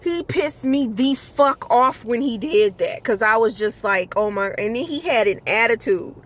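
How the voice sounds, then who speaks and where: Young woman driver venting about riders, slow unhurried talk, kinda high voice, cusses a lot. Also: expressive. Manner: blunt, exasperated, swears freely. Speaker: rideshare driver telling stories. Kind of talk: casual storytime vlog.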